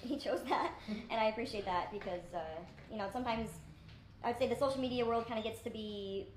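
Woman rambling thru a vlog, talks quick, lots of um and like, roomy echo. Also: on the high side, slight background noise. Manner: rambling, filler-heavy, self-deprecating. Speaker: YouTuber. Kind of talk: casual vlog chat. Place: indoors in a rented place with friends. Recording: echoey room.

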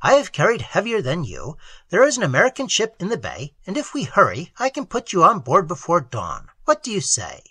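A man's voice: sits high, huge pitch swings, fairly quick, sharp tone, slightly rough, no room sound, heavily acted. A man reading as a hearty giant of a man. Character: huge, sly, jovial man, commanding.

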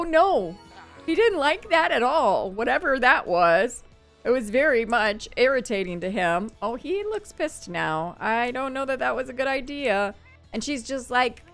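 A woman's voice: a little high, a bit bright. A woman hosting a casual let's-play of a life-sim game, chatty and bubbly, often laughing and gasping. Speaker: gaming channel host.

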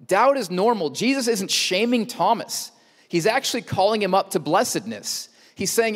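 A man's voice: sits high, very animated, moderate pace, breathy edge. A male pastor preaching a sermon in a conversational way, with rhetorical questions and joking asides. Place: church auditorium. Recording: long church hall reverb.

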